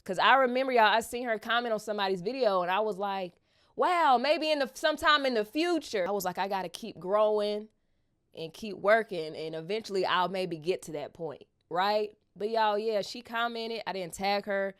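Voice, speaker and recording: Animated woman vlogger telling a story. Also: medium pitch, moderate pace, clean tone. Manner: addresses viewers as "y'all", animated, rising to excited squeals. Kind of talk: casual storytelling to camera.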